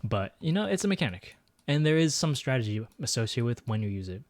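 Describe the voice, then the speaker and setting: Guy thinking out loud while he plays, mumbling guesses, knocks himself down a lot, dry close sound. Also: medium pitch, very animated, fast talker, dry recording. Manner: thinks aloud, mutters guesses, self-deprecating. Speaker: streamer playing a geography guessing game. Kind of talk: casual gameplay commentary.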